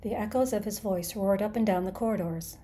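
Woman reading an audiobook, mellow-voiced. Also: mid-range voice, brisk, slight background noise. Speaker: narrator, podcast host. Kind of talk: scripted audiobook narration.

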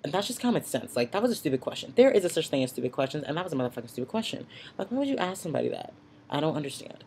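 A man's voice: fairly high pitch, darkish tone, slight background noise. A man ranting in a casual, sassy vlog, talking bluntly into his computer's webcam at home. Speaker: vlogger. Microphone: built-in computer webcam mic.

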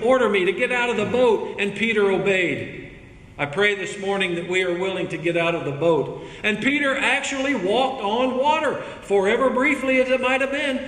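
A man reading scripture and preaching a sermon as pastor, earnest and expressive. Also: high-pitched, a little hiss or hum. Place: church sanctuary. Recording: echoey church hall with faint ambience.

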